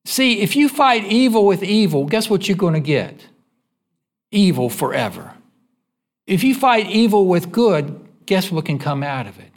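Male pastor preaching in church, high voice with lively swings, folksy, keeps quizzing the pews. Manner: asks the congregation fill-in-the-blank questions; conversational, folksy, with quick repeats. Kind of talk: sermon.

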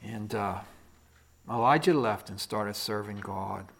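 A man preaching a sermon in an animated storytelling way, swinging from loud to soft. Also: fairly low pitch, slow, gravelly.

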